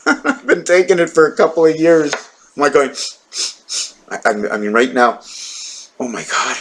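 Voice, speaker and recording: A man's voice: on the high side, lively intonation, normal speed, long pauses, low-quality recording. A middle-aged man with a nasal, blocked-up voice, musing aloud in a wandering solo monologue to camera. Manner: wandering, musing, jumps between numbers, religion and jokes, talks to his cat. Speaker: solo video talker.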